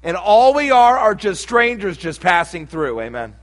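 A man's voice: high voice, big pitch swings, normal speed. A middle-aged man preaching a sermon, telling a humorous personal story with folksy asides before turning to scripture. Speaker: pastor.

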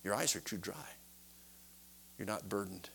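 A man's voice: on the low side, expressive, unhurried, vocal fry, a bit bright, slight background noise, heavily acted. A man voicing an earnest young preacher, apologetic and pleading.

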